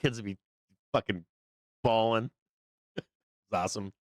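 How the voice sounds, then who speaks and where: Hoarse man doing loose market commentary. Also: lowish voice, unhurried, no room sound. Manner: loose, profane, rambling, filler-heavy. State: hoarse, losing his voice. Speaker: host of a live trading show. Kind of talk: casual live market commentary.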